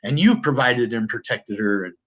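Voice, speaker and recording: A man's voice: mid-range voice, animated, moderate pace, a bit bright. A middle-aged man telling his life story to camera in casual, rambling talk, earnest and emotional, with many restarts and self-corrections.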